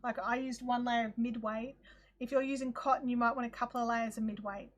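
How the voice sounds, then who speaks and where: A woman with an Australian accent hosting a live craft chat, chatty and quick to laugh as she answers viewer comments. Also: fairly high pitch, steady tone. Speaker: host.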